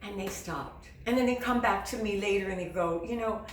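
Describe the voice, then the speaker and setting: A middle-aged woman teaching singing in an earnest, encouraging way, slipping into the worried voices of her students. Her voice sits at an ordinary pitch and is heard from a little way off the mic in an echoey room. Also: fairly quick, recorded from a distance, a little hiss or hum. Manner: earnest, encouraging, acts out students' inner doubts. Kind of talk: direct-to-camera teaching.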